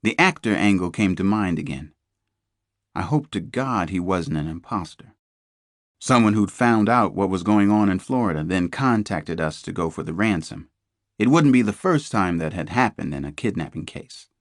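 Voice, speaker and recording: Male audiobook reader, tense first-person thriller, deep-ish voice, dry close read. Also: lively intonation, moderate pace, no echo. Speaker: audiobook narrator. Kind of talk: scripted first-person narration.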